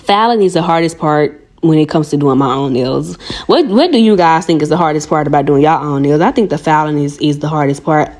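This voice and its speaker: Fast-talking Southern country woman. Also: deep voice, a little mellow. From Arkansas, US South. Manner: fast-talking, chatty, slangy, addresses viewers as y'all. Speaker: nail vlogger. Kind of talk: casual voice-over tutorial chat.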